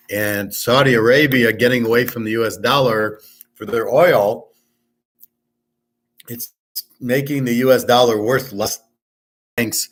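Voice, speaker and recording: A man hosting a casual livestream, talking loud and clear on purpose, blunt and opinionated, rambling from one point to the next. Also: mid-range voice. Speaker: sports handicapping show host. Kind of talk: casual livestream chat with viewers.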